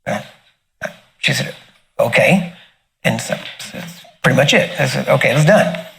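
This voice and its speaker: A middle-aged man telling a personal testimony in a casual, animated way, often laughing and acting out the other people in the story. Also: mid-range voice, normal speed, vocal fry, slight background noise. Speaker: minister sharing a testimony.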